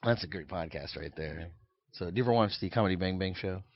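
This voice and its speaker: A man's voice: low voice, fast talker, no room sound. A man hosting a podcast in casual chat, rambling and laughing often. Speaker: podcast host. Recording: dull lo-fi sound.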